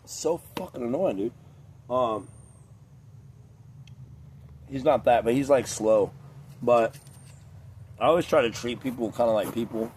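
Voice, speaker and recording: A man's voice: mid-range voice, unhurried, pauses often, darkish tone, slight background noise. A man in a casual, rambling vlog rant, profane and digressive, a few beers in. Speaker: vlogger.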